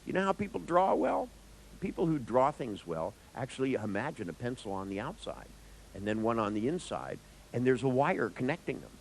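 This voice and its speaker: Man, therapist lecturing a seminar, gravelly voice, lively swooping pitch, jokey. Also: moderate pace, a little hiss or hum, low-quality recording. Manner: animated, joking, acts out dialogues with clients; speaks to the audience directly.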